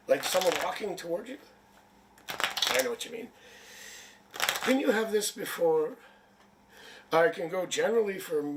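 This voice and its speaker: Brief: man, somewhat high voice, rambling live tarot reader who jokes, faint hum behind. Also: far from the mic. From Canada. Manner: chatty, rambling, jokey. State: sniffly with a headache. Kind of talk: live-stream chat.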